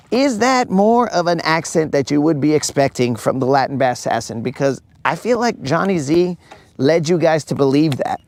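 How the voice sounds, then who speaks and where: A man hosts a live fishing stream, chatting loosely and joking with his viewers. His voice sits a little higher than most men's. He is out on a boat on a lake. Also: normal speed, a little mellow. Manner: joking, bantering with chat. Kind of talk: casual live-stream chat.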